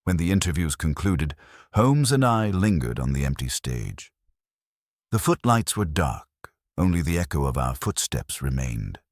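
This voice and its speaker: Male storyteller, very deep and husky, dramatic scripted narration. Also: very animated, measured pace, no echo, clean studio sound.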